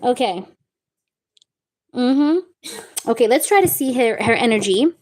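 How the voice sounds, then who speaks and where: A woman's voice: fairly high pitch, animated, slow pace, a little mellow. Chatty woman tarot reader on a live stream. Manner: chatty, reassuring, calls viewers babe and baby girl. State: recovering from a wisdom tooth removal. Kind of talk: live-stream chat with viewers.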